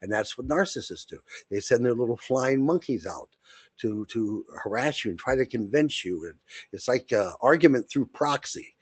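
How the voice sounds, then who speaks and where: A man co-hosts a podcast and holds forth in a blunt, rambling way, restarting his sentences often. His voice sits at an ordinary middle pitch. The recording is dry and close, with little room sound. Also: darkish tone, no room sound. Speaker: podcast co-host. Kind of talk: casual monologue.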